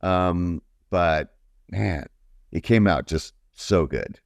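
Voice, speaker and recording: A man from New York with a deep baritone voice talks about music as an interview guest. He rambles with lots of fillers and enthusiasm. The sound is dry and close. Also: takes it slowly, gravelly, dry recording. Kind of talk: casual interview chat.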